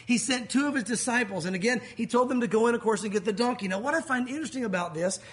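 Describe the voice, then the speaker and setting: A man preaching a sermon, telling the story with animated energy and acting out the crowd's shouts. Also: very high voice, quick pace. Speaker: pastor.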